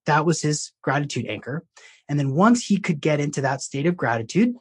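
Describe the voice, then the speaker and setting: A man's voice: on the high side, expressive, a little fast, husky. A man, a life coach, talking as a podcast guest and telling a long story in a loose, rambling way with frequent restarts. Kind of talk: conversational storytelling.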